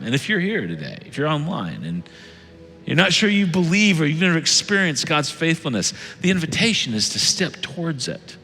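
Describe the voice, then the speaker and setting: A man preaching a sermon as lead pastor, earnest, swinging between loud urging and hushed tones. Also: on the high side, big pitch swings, moderate pace. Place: church sanctuary. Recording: reverberant church hall with soft music.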